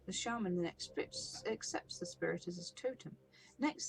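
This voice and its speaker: A woman voicing a flamboyant painted male elf with a high, teasing, sing-song delivery. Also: noisy background, natural voice.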